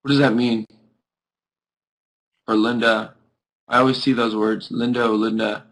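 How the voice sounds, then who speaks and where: A man's voice: medium pitch, flat delivery, measured pace, a bit bright, rough recording. A sleepy young man hosting a live video chat, chatting casually with viewers in a rambling way full of "like". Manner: rambling, peppered with "like". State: sleepy, yawning.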